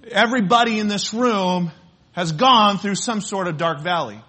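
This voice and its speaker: A middle-aged man preaching a sermon as a pastor, reading scripture, praying, and telling stories with lively laughter. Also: sits high, moderate pace. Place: church sanctuary.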